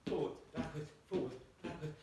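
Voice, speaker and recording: Speaking briskly at a fairly high pitch, this man counts reps out loud while jumping through an at-home exercise lesson, getting winded as he goes. Heavy background noise fills the echoey small room, and the mic sits far from him.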